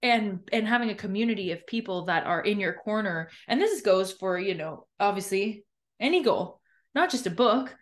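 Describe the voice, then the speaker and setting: A woman hosting a podcast, reflecting out loud in a candid, chatty way. She circles back on her thoughts with plenty of fillers and restarts, at a medium pitch. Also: expressive, moderate pace. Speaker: podcast host and new author.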